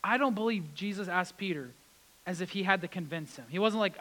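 A man with a high-pitched voice delivers a sermon. He leans on repeated words and moves from raised, urgent passages down to quiet, hushed ones. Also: brisk, rough recording. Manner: emphatic, repeats key words, swings between loud and hushed. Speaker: preacher.

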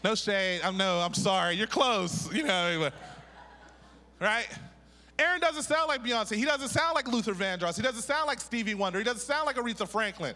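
A middle-aged preacher from Pittsburgh with a very high, bright, ringing voice, giving a lively sermon full of jokes. He keeps calling on the congregation to repeat key words back to him. A long reverb trails his words through the church hall. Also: fairly quick. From Pittsburgh, USA. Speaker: pastor and prophet. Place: church sanctuary.

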